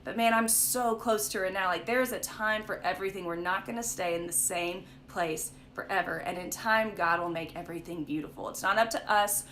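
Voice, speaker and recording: A woman's voice: medium pitch, a little fast, hardly any pauses, fairly bright tone, a little hiss or hum. A young woman leading a casual livestream Bible study, chatty and storytelling, often saying "like" and "right?". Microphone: phone or webcam for a live stream.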